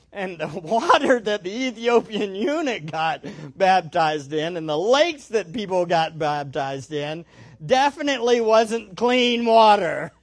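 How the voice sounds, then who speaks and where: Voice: medium pitch, lively intonation, slow. A pastor preaching an expository sermon to a room full of people, emphatic, posing rhetorical questions and answering them. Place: church room with an audience.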